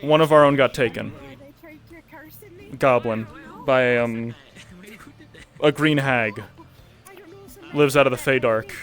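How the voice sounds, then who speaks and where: A man's voice: mid-range voice, fairly even intonation, takes it slowly, long pauses, fairly bright tone, faint music behind. A man playing his character in a tabletop game, with a tired manner, sighing and restarting his sentences. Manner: weary, with sighs and restarts. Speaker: player. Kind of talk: in-character tabletop role-play.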